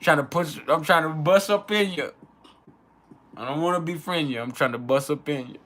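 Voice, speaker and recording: Profane animated man with a bright voice. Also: on the high side, moderate pace. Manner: profane, animated, laughs often, acts out quoted arguments. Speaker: astrology channel host. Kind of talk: casual unfiltered chat.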